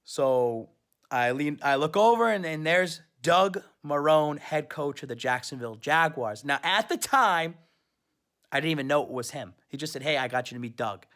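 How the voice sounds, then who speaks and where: A man's voice: a little high, lively intonation, normal speed, a bit bright. A superfan man recapping his trip in a casual, rambling story. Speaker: superfan vlogger.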